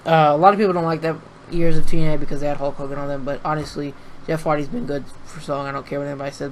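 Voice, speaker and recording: A young man hosting a casual wrestling review on his webcam, excitable, swearing and laughing as he retells the show. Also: fairly high pitch, a little hiss or hum, rough recording. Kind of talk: casual recap with face cam.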